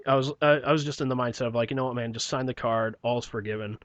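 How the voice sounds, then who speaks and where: A man's voice: mid-range voice, steady tone, fast, dry recording, lo-fi sound. Man, casual podcast storyteller, rambling and profane, dry close mic. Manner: profane, rambling, often clears his throat, trails off quietly. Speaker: podcast guest telling his story.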